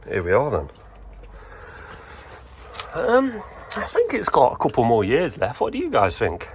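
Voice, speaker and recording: A man's voice: medium pitch, wildly swooping pitch, unhurried, vocal fry, long pauses, faint music behind. A man chatting casually to camera outdoors on a building site, often calling his viewers "guys". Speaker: vlogger and builder. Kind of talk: casual vlog talk to camera.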